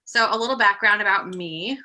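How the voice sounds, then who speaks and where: A woman's voice: medium pitch, a little fast, sharp tone. A woman in her thirties, slightly out of breath, presenting casually on a video call with an upbeat, chatty manner and frequent ums. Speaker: guest presenter, project manager. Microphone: computer mic on a video call.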